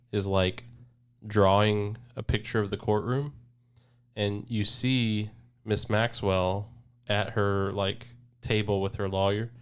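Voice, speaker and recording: Podcast dude with a flat, even voice telling a story slowly and dryly. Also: male voice, on the low side, clean tone. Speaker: podcast co-host. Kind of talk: casual podcast chat.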